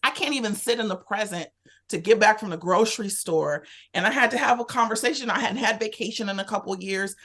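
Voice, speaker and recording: A woman, a podcast guest, telling a personal story in a candid, animated way, acting out her own thoughts as she goes. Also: mid-range voice, a little fast. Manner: animated, candid, lively retelling with quoted inner thoughts. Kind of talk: casual conversational storytelling.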